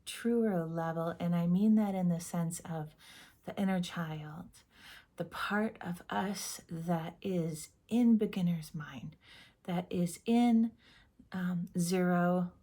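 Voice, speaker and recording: Woman tarot reader, gentle and unhurried, mellow low-ish voice, soft breathy tone with half-whispered asides. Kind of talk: slow, soft-spoken tarot reading.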